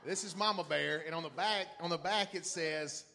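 A high-voiced, bright-toned middle-aged pastor with a drawl tells a story from the pulpit. He is excitable and laughs often, dropping to quiet asides and then bursting into shouts. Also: moderate pace, vocal fry. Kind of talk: animated church storytelling.

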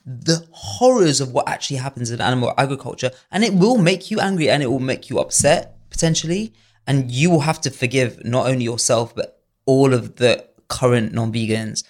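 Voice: medium pitch, brisk, darkish tone. A non-binary pop singer talking earnestly as a podcast guest, full of "like" fillers and confident declarations. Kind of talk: casual interview chat.

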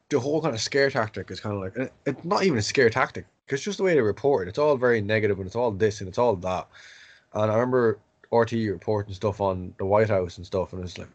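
Young man, quick rambling delivery, dry close sound, casual swearing storyteller. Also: fairly low pitch, slightly rough, no echo, lo-fi sound. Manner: rambling storyteller, swears freely, acts out quotes in raised voice. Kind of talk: casual chat.

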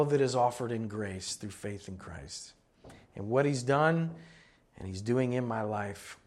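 A man's voice: medium pitch, unhurried, a little mellow. A man preaching a sermon as pastor, conversational and earnest, building to emphatic exhortations.

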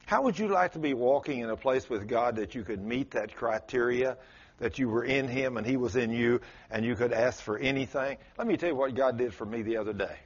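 A male pastor preaches in an animated voice at a moderate pace, telling a story with sudden, dramatic swings in pitch and loudness. The sermon recording is muffled and lo-fi.

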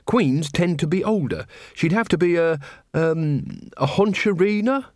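Man putting on an earnest young corporal, polite, eager, lively pitch. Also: measured pace, dry recording, clean studio sound. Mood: musing. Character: earnest, loyal young male corporal, literal-minded.

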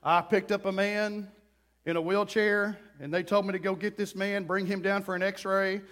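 Male preacher, high voice, middle-aged, animated storytelling, bursts of acted-out quotes. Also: moderate pace. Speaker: pastor. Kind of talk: sermon.

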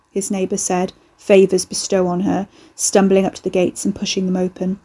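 A woman reading a story aloud as a narrator, in a steady, even storytelling way. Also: medium pitch, normal speed, hardly any pauses, slightly rough. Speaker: audiobook narrator. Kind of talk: scripted narration.

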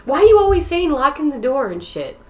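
A woman hosting a casual chat, teasing her guests with quick questions. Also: sits high, big pitch swings, a little mellow.

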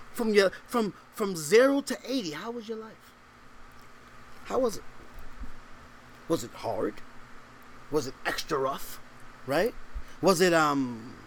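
Slight background noise sits under a high-pitched male voice that moves at a measured pace with long pauses. In his sermon the pastor reads old-style English scripture, then fires off rhetorical questions in casual slang, animated and laughing between points.

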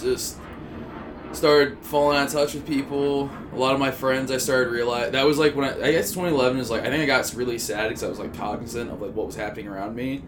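A man's voice: mid-range voice, fairly even intonation, quick pace, noisy background. Young man, podcast co-host, casual chat, rambling, profane, self-mocking, mid-range voice.

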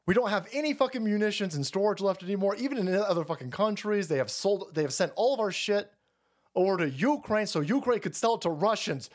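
A man's voice: high-pitched, animated. Profane man ranting on a livestream. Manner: profane, fast rambling rant. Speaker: streamer host.

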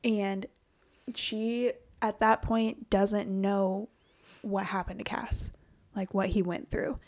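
A woman's voice: medium pitch, flat delivery, slow pace, a little mellow. A woman co-hosting a book podcast, chatting casually and animatedly, swearing freely and acting out quotes. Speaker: podcast co-host.

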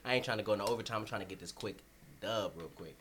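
Bright-voiced man, slangy storyteller. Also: on the low side, very fast, a little hiss or hum. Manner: slangy, animated storyteller, laughs through stories. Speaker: podcast co-host. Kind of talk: casual chat.

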